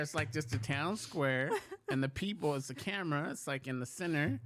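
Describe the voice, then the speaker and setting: A male talk show host casually telling a story, relaxed and chuckling as he goes. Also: fairly high pitch, brisk, noisy background.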